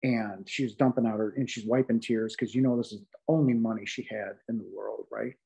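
A man's voice: lowish voice, fairly even intonation, fairly quick, vocal fry, mellow, breathy edge, muffled recording. A man sharing his near-death experience as a podcast guest, speaking with heartfelt emphasis and many fillers and restarts. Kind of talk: earnest testimony in a podcast interview.

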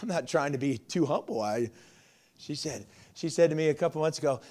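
A man in his forties preaching a sermon as pastor, swinging from loud emphasis to quiet, confiding asides. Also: on the high side, a little fast.

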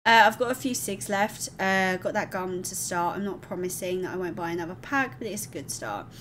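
A woman on a live stream chats candidly and emotionally, rambling as she affectionately thanks viewers and calls them darling. Her voice is fairly low-pitched and bright, animated and a little fast, with slight background noise.

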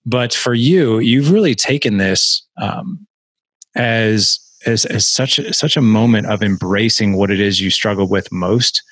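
A male podcast host speaking in an emotional, halting way, with many restarts. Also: fairly low pitch, a bit bright, slightly rough, no room sound. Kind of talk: podcast interview.

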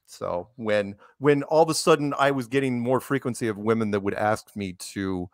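A man's voice: moderate pace, dry recording, clean studio sound. Soothing-voiced middle-aged man rambling. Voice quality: low soothing voice. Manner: rambling storyteller, animated quoting. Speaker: show host. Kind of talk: casual interview chat.

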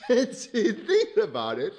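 A man excitedly narrating his cartoon idea, laughing through it and acting out sound effects and cries. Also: very high voice. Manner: keeps laughing at his own story. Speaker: animator pitching a cartoon. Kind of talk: excited story pitch narration.

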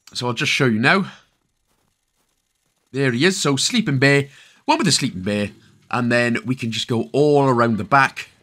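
This gaming host from Wales speaks with a Welsh accent in a medium pitch, his tone bright and forceful. He keeps the casual walkthrough chatty and playful, wandering off into tangents as he goes.

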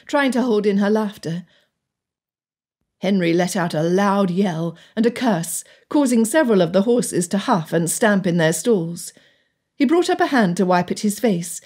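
Low husky woman reading a story. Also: darkish tone. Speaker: audiobook narrator. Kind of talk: scripted narration.

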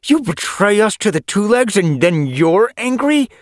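A man's voice: high voice, big pitch swings, measured pace, no echo, studio quality, pitched above the performer's own voice. A man voicing a young tom cat warrior in an audiobook, urgent and indignant. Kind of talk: audiobook character voice.

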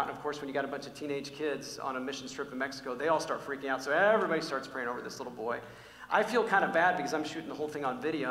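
Animated pastor in an echoing church hall. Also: male voice, medium pitch. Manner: animated storytelling, frequent restarts. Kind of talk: sermon with personal stories. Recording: echoey church hall with long reverb.

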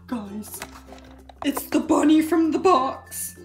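A woman chatters through a toy unboxing in a hyper, gushing way, her voice sitting high. The room around her rings with a roomy echo. Soft music plays faintly underneath. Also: animated, drawn-out words. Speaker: toy reviewer. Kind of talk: casual unboxing chat.

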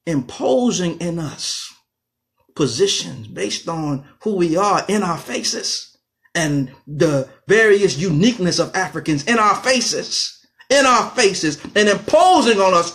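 A man's voice: very animated, measured pace. Fiery, emphatic man lecturing. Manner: fiery and emphatic, swinging from loud outbursts to low intensity. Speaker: radio talk show host. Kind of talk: impassioned lecture.

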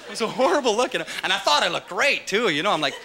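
A man performing a stand-up comedy set on stage, animated and swinging into loud high-pitched voices for his characters. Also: fast. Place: comedy club stage with a live audience. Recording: live stage recording with loud audience noise.

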